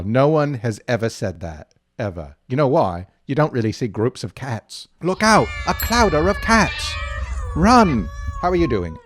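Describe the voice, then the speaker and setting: A man's voice: medium pitch, a little mellow. A young man hosting a kids' trivia game as a camp counselor, goofy, playful and self-mocking.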